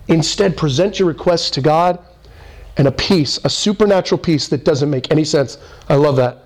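Animated high-voiced male preacher. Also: brisk. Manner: animated preaching, swings high for emphasis, acts out quoted voices. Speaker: pastor. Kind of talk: sermon.

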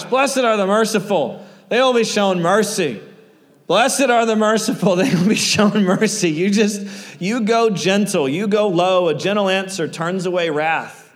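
A man's voice: a little high, a bit bright. Earnest man preaching in a reverberant hall. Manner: earnest, conversational, many fillers. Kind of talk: sermon.

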